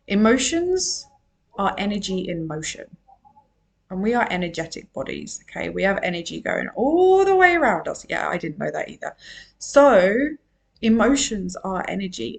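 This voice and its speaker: A woman's voice: medium pitch, vocal fry. Earnest woman coaching on podcast. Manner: earnest, emphatic, repeats key phrases. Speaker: emotional wellbeing coach. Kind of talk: solo podcast monologue.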